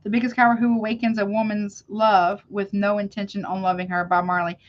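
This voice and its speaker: A woman's voice: mid-range voice, flat delivery, brisk, dull audio. A woman giving a live tarot reading, talking casually to her viewers and calling them honey. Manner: chatty, calls viewers honey, self-interrupting. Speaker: tarot reader.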